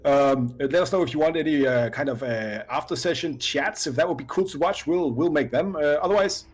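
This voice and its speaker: Halting man signing off a stream. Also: fairly high pitch, breathy edge. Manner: halting, many fillers and restarts. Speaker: co-host of a live-play stream. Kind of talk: casual sign-off chat.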